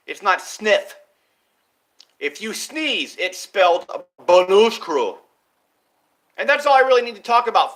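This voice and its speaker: A man talking straight to his viewers in a rambling, profane monologue, jumping between ideas and swinging widely in pitch and loudness. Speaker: vlogger.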